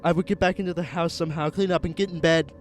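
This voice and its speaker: A man narrating a first-person horror story in an earnest, halting way, with small restarts. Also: fairly high pitch, fairly even intonation. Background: music.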